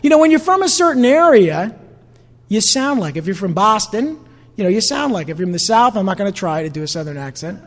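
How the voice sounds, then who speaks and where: A man's voice: sits high, sing-song, fairly quick, big-room sound. A man with a New York-New Jersey accent preaching a sermon in a conversational way, asking the congregation questions. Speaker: pastor.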